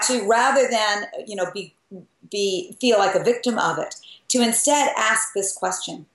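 A woman speaking as a guest in an earnest, measured and reflective way. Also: mid-range voice, distant mic. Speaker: guest, interviewer of many people. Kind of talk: reflective conversation. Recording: roomy echo, off mic.

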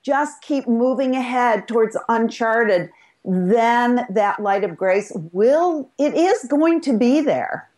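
A woman's voice: fairly high pitch, animated, slow, a little mellow. A woman co-host speaking with thoughtful enthusiasm in a casual interview chat.

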